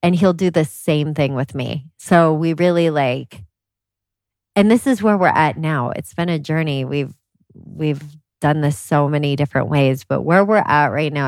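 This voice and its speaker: A woman talking as a podcast guest, a lively storyteller who fills her talk with "like". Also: low-pitched, moderate pace, gravelly, no room sound. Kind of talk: casual interview chat.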